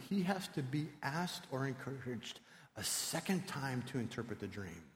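A male preacher delivering an animated sermon, swinging from loud to hushed, in a church sanctuary. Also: fairly high pitch, unhurried. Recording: long reverb in a large hall.

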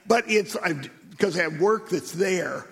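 A man preaching a sermon and telling stories in an animated way, with shouted emphasis. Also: high voice, unhurried, vocal fry, breathy edge. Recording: echoey hall reverb.

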